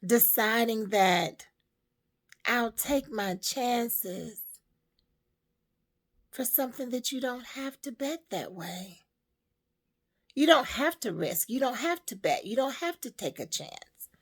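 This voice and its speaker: A woman telling a parable and giving life advice to women in a slow, emphatic, preaching way. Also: on the high side, animated. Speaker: storyteller and motivational speaker.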